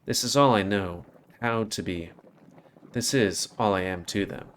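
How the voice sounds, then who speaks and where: A man's voice: on the low side, measured pace, fairly bright tone, slight background noise. A man voicing a stern male animal-person tribesman who speaks in clipped, formal, blunt sentences.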